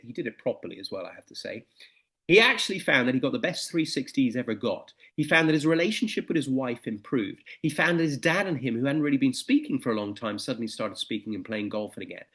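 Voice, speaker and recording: Man, middle-aged, motivational speaker, animated storytelling, lively pitch. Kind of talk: motivational presentation.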